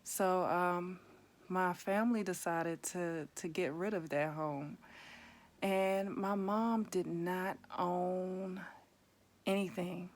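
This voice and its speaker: A woman's voice: lowish voice, steady tone, slow pace. A woman in her thirties telling her own life story to camera in a candid, conversational way, with bursts of raised intensity. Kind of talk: candid personal testimony.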